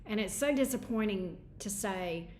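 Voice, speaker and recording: A woman's voice: medium pitch, lively intonation, normal speed, a little mellow, reverberant, a little hiss or hum. Frank, chatty woman tarot reader. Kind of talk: livestream tarot reading.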